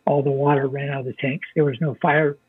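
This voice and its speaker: A man's voice: mid-range voice, level tone, fast, slightly rough, no room sound. An older American man, a military veteran, telling his story as an interview guest in a plainspoken way, swearing freely. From United States. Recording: dry, phone-like narrow sound.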